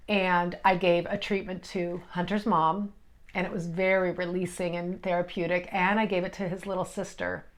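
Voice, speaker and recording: A middle-aged woman speaks in a fairly low voice, recounting a personal story as an energy healer. Her delivery is emotional and halting, full of restarts as she gathers her thoughts. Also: fairly bright tone.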